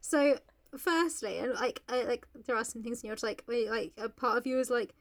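Chatty high-voiced young woman. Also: normal speed, no room sound. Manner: chatty, frequent "like" and "um" fillers. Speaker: podcast co-host. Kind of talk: casual book-discussion chat.

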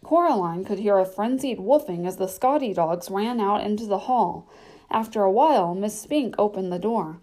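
A woman reads a children's novel aloud in a measured, storytelling way. Her voice is warm and mellow, sitting at a middle pitch. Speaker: narrator. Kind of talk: audiobook narration.

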